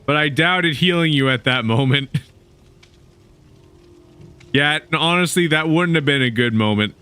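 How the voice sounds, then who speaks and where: A man's voice: fairly high pitch, unhurried, sharp tone, clear, resonant tone. A man streaming a video game, chatting casually with viewers and teammates and laughing often. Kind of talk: casual gaming stream chat.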